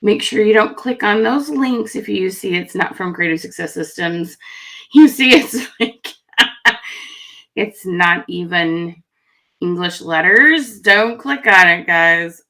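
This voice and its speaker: A woman hosts a live online session, greeting her chat viewers one by one in a friendly, chatty way. Her voice is bright and sharp. She talks at an unhurried, slow pace. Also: medium pitch, lively intonation. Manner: friendly, chatty, reacting warmly to viewer comments. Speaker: livestream host.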